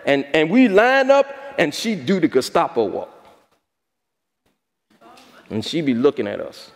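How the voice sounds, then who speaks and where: A male pastor preaching a sermon with a high voice that climbs and swoops. He tells stories and keeps asking the congregation questions. His voice carries a long echo through the church hall. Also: wildly swooping pitch, a little slow. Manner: storytelling, asks the congregation questions.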